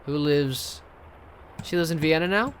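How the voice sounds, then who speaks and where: A man voicing a calm, kind young woman composer in a video game, in his own plain voice with gentle questions. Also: a little high, measured pace, slight background noise, pitched above the performer's own voice, lightly acted.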